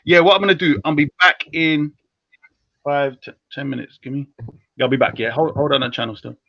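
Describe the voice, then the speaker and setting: A young man hosting a live stream, talking in slangy, teasing, heated casual banter that jumps between loud and low. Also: steady tone, a little fast, vocal fry, no echo. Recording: dull lo-fi stream audio.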